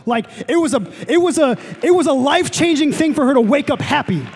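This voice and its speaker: A young man preaching a sermon to a college ministry, casual and excitable with lots of fillers. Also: very high voice, fast talker, few pauses. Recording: long hall reverb, faint music.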